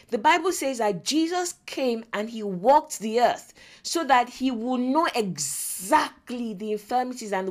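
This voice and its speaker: A woman in her forties with a Nigerian English accent hosts a faith-based parenting podcast. She tells stories in an animated way, acting out the lines of the people in them. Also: a little high. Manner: animated storyteller who acts out quotes and laughs often. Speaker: podcast host.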